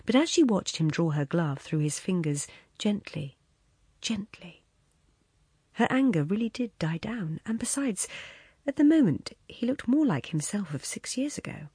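Husky, breathy woman narrating a story. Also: medium pitch, sing-song, normal speed, no room sound, clean studio sound. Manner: hushed, intimate, often near a whisper. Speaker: reader. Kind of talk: literary audiobook narration.

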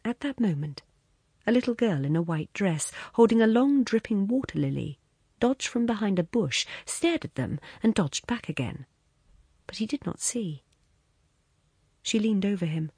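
A woman reading a literary short story as an audiobook narrator, measured and expressive, softening into hushed passages. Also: mid-range voice, husky, no room sound, studio quality.

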